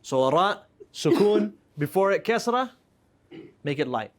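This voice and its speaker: Man, classroom teacher, relaxed and joking, slightly high voice. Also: a little slow. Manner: relaxed, joking, explains by reading examples aloud. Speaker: Arabic teacher. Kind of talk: classroom lesson with students.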